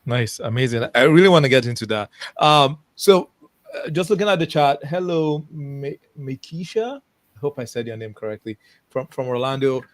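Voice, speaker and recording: A man's voice: medium pitch, expressive. Chatty Nigerian-born man hosting a podcast. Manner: chatty, greets viewers by name, quick laughs. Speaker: podcast host. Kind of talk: live-streamed interview podcast.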